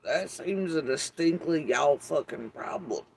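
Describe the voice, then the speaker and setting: A man's voice: on the high side, lively intonation, a little slow, vocal fry, darkish tone, slight background noise, poor audio. Profane, rambling middle-aged man. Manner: profane, wry, meandering with fillers. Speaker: YouTube commentator. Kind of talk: casual rambling monologue.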